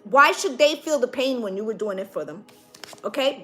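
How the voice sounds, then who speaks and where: A woman's voice: on the high side, animated, brisk, fairly bright tone, soft background music. A woman giving a casual tarot reading, blunt and profane, who keeps checking in with "right?" and "okay?". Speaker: tarot reader.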